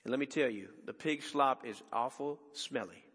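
Emphatic man preaching, bright voice. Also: mid-range voice, husky, in a large hall. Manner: emphatic, conversational preaching with dramatic pauses. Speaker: pastor. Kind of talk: sermon. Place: church sanctuary.

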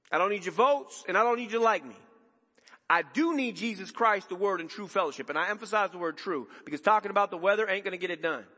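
A man preaching a sermon as pastor, emphatic and conversational with dramatic pauses, in a church sanctuary. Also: high-pitched, sharp tone, long reverb tail.

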